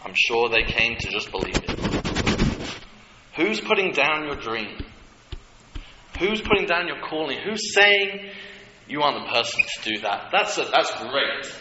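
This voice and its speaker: A man preaching a sermon, animated and humorous, with asides to the congregation. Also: medium pitch, measured pace, pauses often. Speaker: pastor. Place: church hall. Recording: echoey hall with dull lo-fi sound and clear noise.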